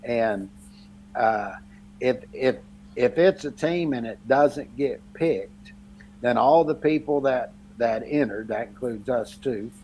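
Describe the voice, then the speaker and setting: A man's voice: medium pitch, slow pace, a little mellow, a little hiss or hum, poor audio. A man co-hosting a casual sports podcast, rambling with lots of fillers and laughing through his stories. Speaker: podcast co-host. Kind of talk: casual chat.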